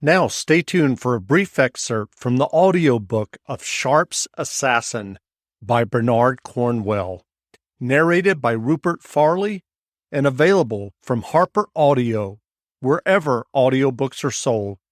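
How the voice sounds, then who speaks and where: A man's voice: mid-range voice, expressive, unhurried, dry recording, clean studio sound. A man hosting an interview podcast in a casual way, with stumbling restarts. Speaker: podcast host.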